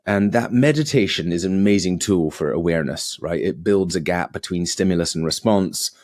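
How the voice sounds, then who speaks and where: This is a man guesting on a podcast, recounting his past with animated energy. His voice sits low, and he stumbles through fillers and restarts as he talks. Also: brisk, no room sound, clean studio sound. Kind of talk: casual storytelling.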